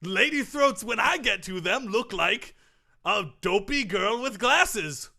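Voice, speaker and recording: A man's voice: animated, slow pace, gravelly, exaggerated voice. A man acting a boastful, self-important male tennis grunt coach in a comedy sketch, showing off grunt sounds. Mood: smug. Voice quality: high, bright, swooping voice with loud demonstrated grunts. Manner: pompous and self-congratulating. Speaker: sketch character.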